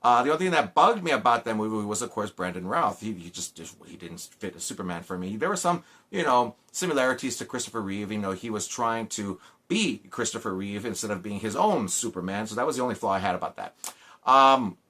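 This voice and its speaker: A man's voice: lowish voice, expressive, a little fast, bright, forceful tone. A man giving a casual movie review, rambling with many fillers and restarts and often sounding exasperated.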